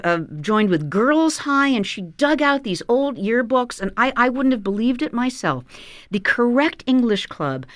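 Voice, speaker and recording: A woman author being interviewed in a radio studio, telling stories in an animated way with frequent fillers. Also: a little high, no room sound. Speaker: author guest.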